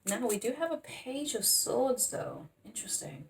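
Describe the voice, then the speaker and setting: A woman doing a casual tarot reading, excitable, laughing often and calling her viewers honey and darling. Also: fairly high pitch, moderate pace, creaky, slight background noise. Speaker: tarot reader.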